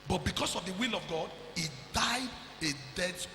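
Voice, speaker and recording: Man, Nigerian accent, pastor, fervent sermon, sudden shouts, high voice, gravelly, echoey church. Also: normal speed, slight background noise. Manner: fervent preaching, bursts into shouts, mixes in pidgin.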